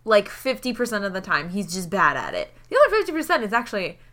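A woman's voice: mid-range voice, very animated, fast, fairly bright tone. A woman playing a tabletop role-playing game, chatty and playful, pleased with her own jokes. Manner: playful, chatty, self-amused. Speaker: player. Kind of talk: casual tabletop game chat.

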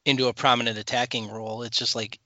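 A man with a bright, sharp-edged voice talks soccer on a podcast, giving ratings. He often stumbles into his sentences with quick restarts. The audio is dry and a bit muffled. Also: medium pitch, flat delivery, no room sound. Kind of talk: casual sports chat.

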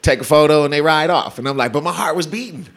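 A man's voice: fairly high pitch, fast. A young man from California, a comedian and actor, telling stories in casual, slangy chat and voicing the people he quotes. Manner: laid-back, slangy, animated when quoting people.

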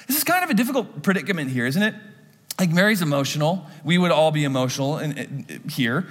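Male pastor, animated sermon storyteller, slightly high voice, hall reverb. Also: fast. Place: church.

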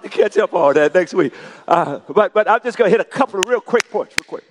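A man's voice: sits high, lively intonation, a little fast. A male pastor delivering a sermon, leading the congregation in call-and-response, his volume swelling and dropping. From Texas. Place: large church sanctuary. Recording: long hall reverb.

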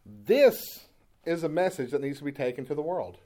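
Speaking fast in a slightly high voice, a man preaches as pastor, shifting from relaxed storytelling talk to loud, fervent preaching.

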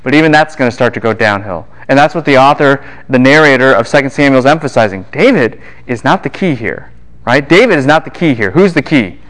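A man giving a Bible lecture to a class, animated and quick to fire questions at his students. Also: medium pitch.

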